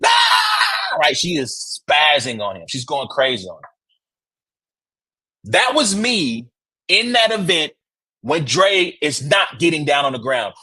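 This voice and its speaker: A man hosting a sports podcast, telling stories in a casual, excitable way and often tossing in "right?" asides. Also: on the high side, unhurried, pauses often, husky. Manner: excitable, acts out quotes with loud shouts; conversational, rhetorical asides like "right?". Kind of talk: casual sports reaction and storytelling.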